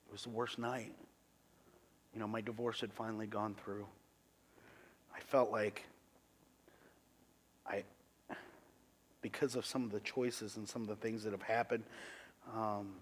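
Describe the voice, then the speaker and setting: A middle-aged man, a pastor, giving a sermon testimony in an earnest, halting way with many restarts. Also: mid-range voice.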